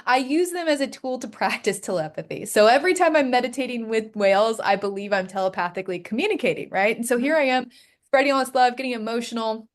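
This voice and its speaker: A young adult woman, a matchmaker and podcast guest, talking in an earnest, animated way in a casual interview and acting out the voices in her stories. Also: on the high side, fast. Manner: earnest, animated storyteller who acts out quoted voices.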